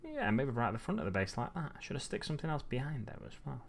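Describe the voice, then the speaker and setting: A hobby streamer chats casually with viewers while placing tufts on a model base, frequently muttering to himself as he crafts. He talks fast in a medium-pitched, sing-song, creaky voice, with slight background noise.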